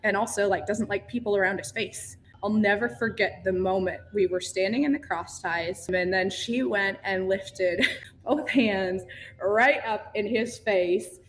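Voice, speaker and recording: A woman guest on a podcast, telling her story in a casual, animated way with some laughs. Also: mid-range voice, measured pace, a little hiss or hum. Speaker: podcast guest, ranch founder.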